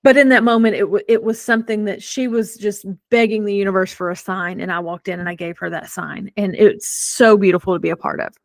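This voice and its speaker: Woman podcast host, middle-aged, chatty and animated storytelling, dry close sound. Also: medium pitch, fairly quick, hardly any pauses, dry recording. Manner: chatty, animated, self-deprecating humor. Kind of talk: casual storytelling.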